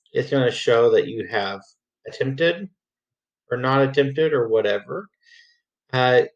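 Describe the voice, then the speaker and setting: Male music teacher, calm step-by-step screencast walkthrough, computer mic, a bit muffled. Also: medium pitch. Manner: patient, demonstrates rhythms by chanting syllables. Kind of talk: screen-recorded assignment walkthrough. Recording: slightly dull lo-fi audio.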